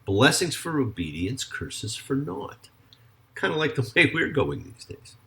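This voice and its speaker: Rabbi with a lively, swinging voice. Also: male voice, mid-range voice. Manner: gentle, drawn-out emphasis on key words. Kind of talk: sermon with sung prayer. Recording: faint guitar music behind.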